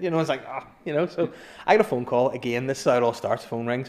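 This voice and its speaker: A man's voice: mid-range voice, quick pace, hardly any pauses, darkish tone. A man in casual chat, telling anecdotes, swearing and acting out what people said. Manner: swearing, laughs through his stories, acts out dialogue. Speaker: storyteller guest.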